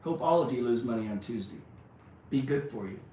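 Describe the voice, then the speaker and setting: A man's voice: medium pitch, expressive, brisk, dark tone, distant mic, a little hiss or hum. A man giving a blunt, profane motivational rant about trading as a teacher, peppering his talk with "man" and "dude". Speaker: trading educator. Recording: echoey room, voice from off-mic.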